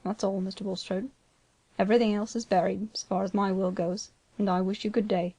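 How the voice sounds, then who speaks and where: A woman voicing a grave, gentle, plain-spoken older male land agent, speaking quietly, slowly and solemnly. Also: mid-range voice, little pitch movement, no echo, close to an everyday voice.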